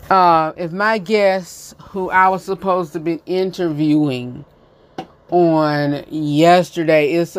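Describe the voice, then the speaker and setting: A podcast host from North Carolina, speaking with a Southern accent in a fairly high, clean voice, chats casually on his solo show. He repeats himself and laughs often.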